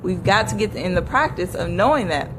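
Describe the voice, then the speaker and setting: A woman's voice: lowish voice, animated, brisk, background noise. A woman giving a live motivational talk to her viewers, repeating affirmations earnestly and laughing often. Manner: speaks to viewers by name. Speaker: motivational speaker.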